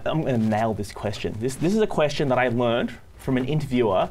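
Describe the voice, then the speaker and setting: A man's voice: mid-range voice, lively intonation, a little fast, a little mellow, a little hiss or hum. A man hosting a comic late-night studio show, rambling and interrupting himself in a playful way.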